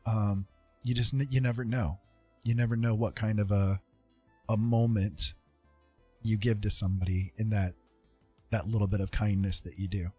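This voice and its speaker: A man's voice: on the low side, fairly even intonation, moderate pace, long pauses, mellow, husky, soft background music. A man hosting a casual livestream chat, talking in an earnest, rambling way with lots of fillers, teary and with his eyes burning. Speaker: livestream host.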